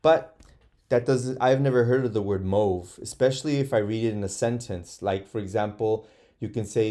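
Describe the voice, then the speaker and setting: A man's voice: on the low side, fairly even intonation, dark tone. A man teaching first graders in an online phonics lesson, patiently sounding out words and asking them to repeat after him, with frequent hesitant fillers. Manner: slow, patient, models sounding out words aloud.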